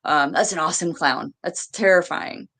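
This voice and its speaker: A woman's voice: on the low side, moderate pace, fairly bright tone. A woman co-hosting a podcast, chatting casually and easily, with lots of "like" fillers. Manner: chatty, says "like" a lot, easygoing. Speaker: podcast co-host. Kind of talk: casual chat.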